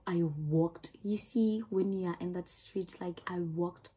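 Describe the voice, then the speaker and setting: A woman's voice: lowish voice, measured pace, warm tone, breathy edge, rough recording. A young woman with a South African accent, telling a rambling, emotional storytime to her channel. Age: young adult. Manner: emotional, rambling retelling with many restarts. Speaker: YouTuber. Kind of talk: storytime vlog.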